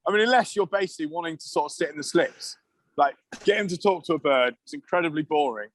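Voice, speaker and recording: A man's voice: on the high side, animated, fast. A middle-aged man, a former rugby player, telling long anecdotes in casual chat with restarts and laughs.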